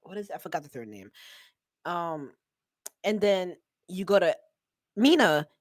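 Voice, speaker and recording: Passionate, animated woman podcast host. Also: on the low side, a little slow, no room sound. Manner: passionate, animated, laughs often. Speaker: podcast host and esports caster. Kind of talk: casual podcast chat.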